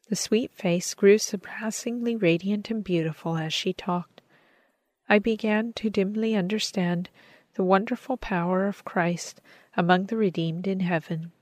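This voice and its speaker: A woman reading a story aloud as narrator, in a measured, earnest manner. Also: medium pitch, darkish tone, no room sound. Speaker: audiobook narrator. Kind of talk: scripted narration.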